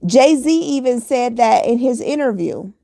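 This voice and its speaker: Speaking directly to her audience, a motivational vlogger with a fairly high, warm voice gives an expressive, unhurried monologue. She is earnest and preachy, driving her points home through repetition, and the recording is dry and close with no room echo.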